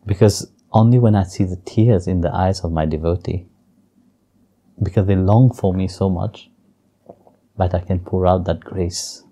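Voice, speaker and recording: A man who is a spiritual teacher, telling a story in an interview gently, with halting restarts. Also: low voice, steady tone.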